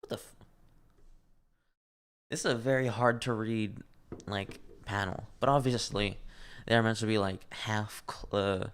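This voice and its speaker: A man's voice: fairly low pitch, steady tone, measured pace, pauses often, a bit bright, smooth. A man reading a manga aloud and reacting in casual commentary, laughing often, swearing freely and gushing over cute things.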